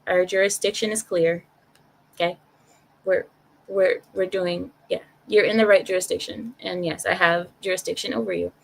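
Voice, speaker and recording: Animated woman chatting to her stream. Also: lowish voice, normal speed, vocal fry, poor audio. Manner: animated, talks straight to chat, repeats herself for emphasis. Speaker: live-stream commentator. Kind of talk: casual live-stream opinion chat.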